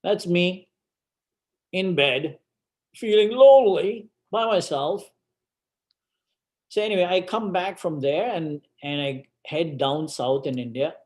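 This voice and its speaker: A guest speaker, his voice a little high, recounts a personal story for an audience at a slow, deliberate pace. He relies on dramatic repetition while the roomy hall echoes.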